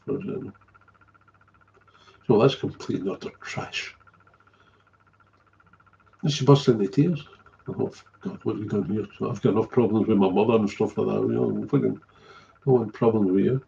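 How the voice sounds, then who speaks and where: A man's voice: fairly low pitch, normal speed, creaky, pauses often, mellow, lo-fi sound, a little hiss or hum. A middle-aged man, telling a candid story as a recovery sponsor, blunt and swearing freely, often trailing off and repeating himself.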